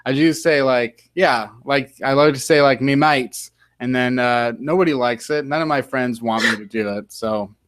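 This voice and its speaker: A man's voice: medium pitch, moderate pace, few pauses, fairly bright tone. An American man hosting a casual sports podcast, rambling and full of fillers. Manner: rambling, filler-heavy, fond of mock British slang. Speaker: podcast host.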